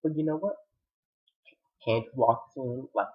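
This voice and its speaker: A man giving a casual, animated recap of a TV drama episode, retelling scenes dramatically and acting out the characters' lines. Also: mid-range voice, a little slow, pauses often, narrow, tinny audio. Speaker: TV show reviewer.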